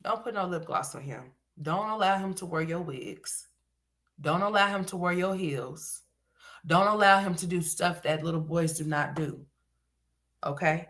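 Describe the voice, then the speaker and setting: A woman's voice: on the low side, measured pace, a bit bright. A woman giving livestream commentary, ranting bluntly with lots of profanity.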